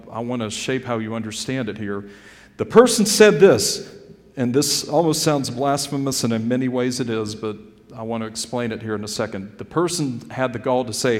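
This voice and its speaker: A male pastor preaching a sermon earnestly, calling his listeners "folks" and swinging between loud emphasis and quiet drops. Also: mid-range voice, moderate pace, long reverb tail. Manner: addresses the congregation directly as "friends" and "folks". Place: church sanctuary.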